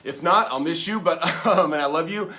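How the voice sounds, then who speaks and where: A middle-aged male pastor speaks directly to his viewers in a relaxed, folksy devotional chat. His voice sits a little high and rings with a bright, forward edge. He talks in an animated, friendly way. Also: fairly quick. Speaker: pastor and show host. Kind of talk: casual devotional talk to camera.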